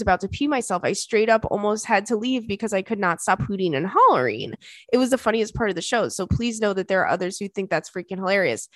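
A woman's voice: mid-range voice, a bit bright, no echo. A young woman chats as a podcast host, reading listener emails and riffing on them. She talks animatedly, swears and laughs often. Her mid-range voice sounds dry and close to the mic. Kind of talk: casual comedic chat.

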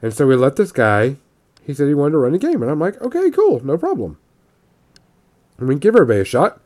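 A man's voice: mid-range voice, sing-song, rapid-fire, darkish tone. A man casually telling a tabletop gaming story, rambling with frequent restarts and quoted voices.

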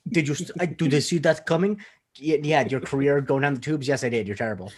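A man's voice: mid-range voice, fast talker, husky. A man hosting a podcast in casual chat, opinionated and joking. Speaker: podcast host.

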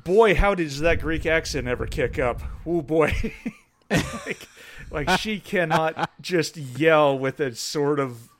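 A man's voice: on the high side, lively intonation, takes it slowly. A man co-hosting a casual podcast chat, swearing freely and dropping laughing asides. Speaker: podcast co-host.

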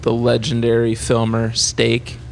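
A man's voice: mid-range voice, completely flat delivery, unhurried, gravelly, a little hiss or hum. A man hosting a casual interview, laid-back, with short reactions and a question. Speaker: podcast host.

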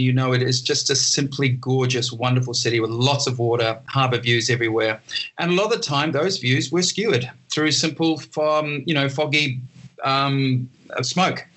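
A middle-aged Australian man talking in a relaxed interview, rambling with lots of restarts and fillers. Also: medium pitch, normal speed. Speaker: guest, entertainer. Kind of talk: casual interview talk.

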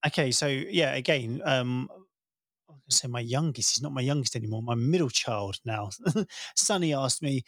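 Man, 30s, podcast co-host, lively storyteller, dry close recording. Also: medium pitch, moderate pace, no room sound. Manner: laughs often, animated storytelling. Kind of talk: casual podcast chat. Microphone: podcast microphone.

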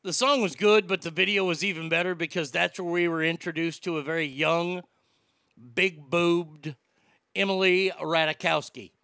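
A brash man rants through his talk segment, stumbling over restarts as he pushes his point. His voice sits high and gravelly with a sharp, bright edge. The sound is dry and close, with no room around it. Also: steady tone, normal speed, dry recording. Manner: brash, ranting, stammering restarts. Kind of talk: opinionated talk commentary.

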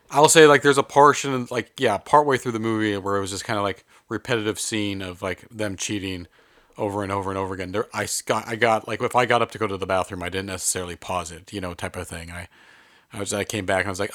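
A man with a fairly low voice talks through a movie review in loose, casual chat. He rambles and restarts, his delivery lively when he warms up. The sound is dry and close, with no room around him. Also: quick pace, dry recording. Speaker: podcast co-host.

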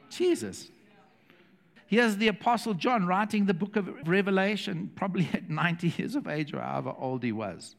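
Male preacher, animated sermon delivery with acted quotes, church hall with long reverb. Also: sits high, moderate pace, creaky. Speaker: pastor.

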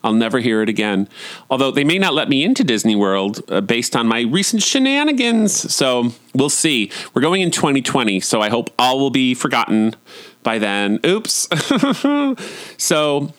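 A man telling casual stories from home as a podcast host, chatty and campy, often jumping up into high, excited swoops. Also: moderate pace. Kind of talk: casual storytelling monologue.

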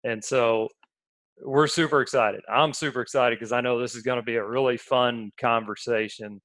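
A man's voice: medium pitch, fairly even intonation, moderate pace, fairly bright tone, dry recording. A man co-hosting a podcast, telling stories in a casual, chatty way, often laughing. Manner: laughing, storytelling. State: under the weather. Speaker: podcast co-host. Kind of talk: casual chat.

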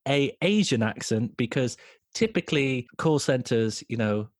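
A man's voice: medium pitch, measured pace, dry recording, clean studio sound. A man in his thirties chatting casually and telling stories with lots of swearing. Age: 30s. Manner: sweary, animated storytelling. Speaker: podcast co-host. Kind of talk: casual comedic chat.

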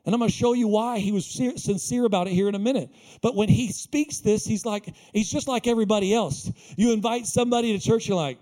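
A male pastor giving a sermon in a small church, animated and jokey, acting out the lines he quotes. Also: high-pitched, fast, hardly any pauses.

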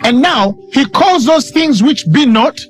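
A man's voice: extremely high pitch, lively intonation, a little slow, soft background music. A man preaching a sermon with emphatic delivery, repeating lines for stress and quoting scripture dramatically.

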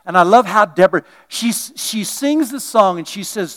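A middle-aged male pastor preaching a sermon, swinging from loud, driving bursts to quiet asides and jokes. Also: sits high, expressive, normal speed.

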